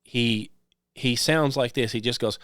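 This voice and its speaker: A man's voice: medium pitch, a little slow, a bit bright, smooth, dry recording. Rambling male radio host, dry sound. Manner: conversational, repeats "okay?" and "um" often. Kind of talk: rambling monologue.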